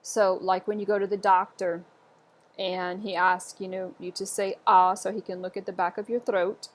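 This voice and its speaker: A woman gives a patient pronunciation lesson at a steady medium pitch. She pauses after each word so learners can repeat it, and she repeats herself calmly and clearly. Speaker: French pronunciation teacher. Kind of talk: instructional lesson. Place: indoors, camera off.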